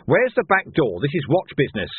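A man voicing a weary, angry male watch commander who talks gruffly. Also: a little high, huge pitch swings, a little fast, a little hiss or hum, pitched above the performer's own voice. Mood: exasperated. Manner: gruff, exasperated. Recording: tinny phone-like sound.

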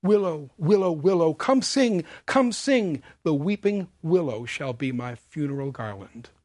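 A man reading the lines of a weary, sorrowful young heroine in a quiet, tired monotone. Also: fairly high pitch, a little slow, no room sound. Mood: mournful.

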